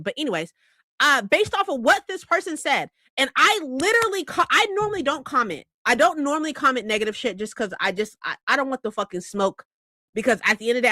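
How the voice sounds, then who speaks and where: A woman's voice: fairly high pitch, quick pace, no echo. A woman book vlogger ranting in a heated, profane, casual way about reader comments. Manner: heated, profane, animated rant.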